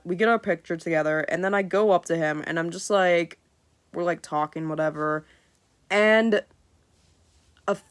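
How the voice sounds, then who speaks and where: A young woman vlogger casually telling a story, swearing freely and acting out what people said. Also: deep voice. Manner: animated, swears freely, acts out quotes.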